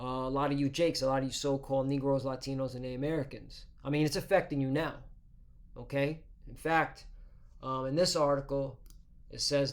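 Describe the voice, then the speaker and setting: Man teaching scripture with "okay?" tags. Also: mid-range voice. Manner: peppers talk with "okay?" and "all right?" tags; reads scripture in a measured, formal cadence. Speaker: religious teacher. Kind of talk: scripture reading and informal sermon.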